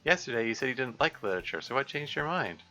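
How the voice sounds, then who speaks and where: A man voicing a cheerful, caring teenage schoolgirl in a high, sing-song voice while reading a visual novel aloud. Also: animated, quick pace, sharp tone, soft background music. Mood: curious.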